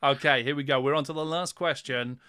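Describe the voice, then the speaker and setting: A man's voice: medium pitch, steady tone, brisk, pushed and bright, smooth, dry recording, studio quality. A man hosting a casual livestream quiz, playful and teasing, often breaking into laughter. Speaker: quiz host.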